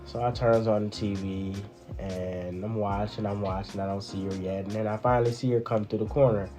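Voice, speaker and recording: A man casually recounting his part in a family testimony, animated and full of restarts and fillers. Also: lowish voice, a little fast, over music. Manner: animated, repeats words, many fillers. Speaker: husband sharing a testimony.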